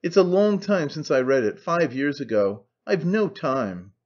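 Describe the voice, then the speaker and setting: A man's voice: on the high side, animated, a little slow. Man playing a brash, careless young man in an audiobook, cool and offhand, dull lo-fi sound. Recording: dull lo-fi recording.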